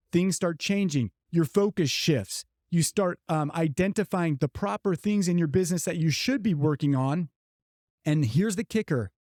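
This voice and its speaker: A middle-aged man with a mellow voice, a little higher than most, tells a business story earnestly. He leans on his key lines by slowing down. The sound is dry and close to the mic. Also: dry recording. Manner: earnest storyteller, slows down to stress key points. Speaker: podcast co-host. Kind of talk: motivational podcast talk.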